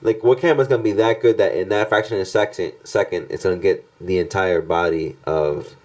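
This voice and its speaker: A man's voice: sits low, fairly even intonation, a little fast, darkish tone. A man co-hosting a podcast in casual chat, laid-back and a bit hesitant, often asking questions. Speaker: podcast co-host.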